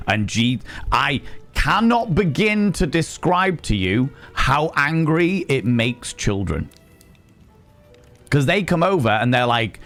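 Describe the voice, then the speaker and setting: A man's voice: medium pitch, a little slow, soft background music. Swearing man telling stories. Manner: animated storytelling, swears freely, wry. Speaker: streamer and sex educator. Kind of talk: casual live-stream chat.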